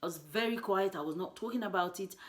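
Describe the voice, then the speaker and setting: A woman's voice: mid-range voice, quick pace. A woman from Nigeria, a mother telling a personal story in an earnest, emotional way, with many "you know" asides.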